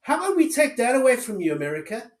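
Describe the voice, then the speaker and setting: This man's voice is very high-pitched, swinging hugely in pitch as he speaks fast. He's a political commentator in a furious rant, cursing heavily and hurling sarcastic rhetorical questions, with a roomy echo on the recording.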